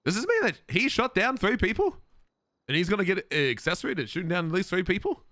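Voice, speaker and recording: A man voices a police officer in an online role-play, chatting casually and swearing as he goes. His pitch swings widely and his voice sits dry and close to the mic. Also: quick pace, no echo. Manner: animated, swears freely, laughs often. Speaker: streamer playing a police officer.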